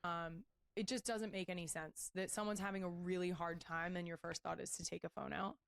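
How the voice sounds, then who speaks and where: A woman hosting a podcast, giving calm, matter-of-fact advice. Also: lowish voice, a little fast, gravelly, no room sound. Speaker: podcast host.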